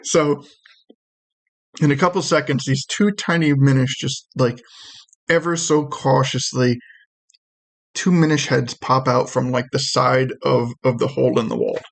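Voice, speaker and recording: A man narrating as game master who talks quickly, often restarts his sentences and laughs often. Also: mid-range voice, fairly even intonation, gravelly.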